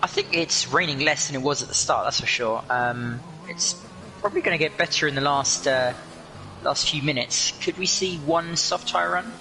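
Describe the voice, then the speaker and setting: A man co-commentating an online racing session in a relaxed, joking way. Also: a little high, normal speed, a little hiss or hum, low-quality recording.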